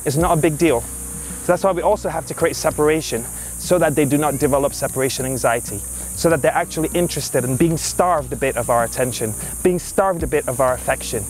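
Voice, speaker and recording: Speaking fairly quickly at a fairly high pitch, a man who trains dogs vlogs casually from a park over slight background noise. He stays upbeat, alternating explanations of his methods with quick bursts of praise and commands for his dog.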